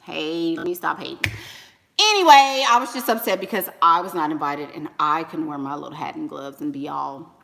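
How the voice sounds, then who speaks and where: A woman's voice: sits low, a little fast, gravelly, few pauses, sharp tone. A woman, chatting casually and animatedly to viewers, slangy and laughing often. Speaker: online business coach and vlogger.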